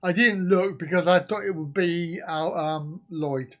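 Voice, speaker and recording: A man's voice: high voice, steady tone, unhurried, few pauses. A man from the UK, hosting a casual live stream and joking while reacting to viewer comments.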